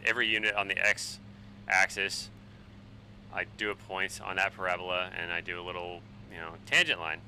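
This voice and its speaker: A man in his forties, a bit tipsy on wine, rambling and swearing excitably while chatting on a flight sim live stream. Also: fairly low pitch, a little hiss or hum, low-quality recording. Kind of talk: casual live-stream chat while flying.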